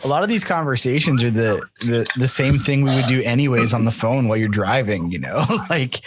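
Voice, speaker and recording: A man's voice: mid-range voice, fairly quick, very noisy. A man hosting a podcast in casual banter, laughing easily as he talks. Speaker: podcast host.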